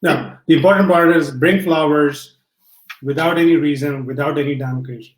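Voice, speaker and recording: A man's voice: fairly high pitch, normal speed, reverberant, low-quality recording. A man being interviewed by his wife on a live stream, joking at first and then speaking earnestly, with many fillers. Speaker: guest, the host's husband. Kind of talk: casual live-stream chat.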